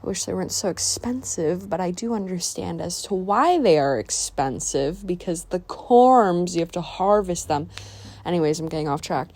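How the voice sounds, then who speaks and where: A woman's voice: on the low side, lively intonation, moderate pace, darkish tone, dry recording. A young woman from the San Diego area chatting casually in a voiceover about her painting, rambling and talking to herself. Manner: chatty, rambling, self-talk asides. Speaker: art vlogger.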